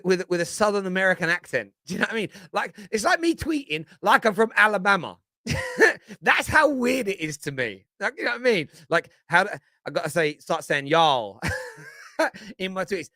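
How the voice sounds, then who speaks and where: Here a British football pundit speaks on a fan show, his voice high, pushed and bright, with no echo. He rambles in a casual, opinionated way, repeats words, keeps starting over, and leans heavily on "you know what I mean."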